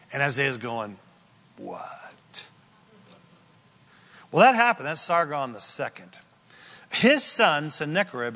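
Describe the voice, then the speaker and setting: A man preaching an expository sermon in a folksy, animated style with storytelling asides. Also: medium pitch. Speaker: pastor. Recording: echoey hall.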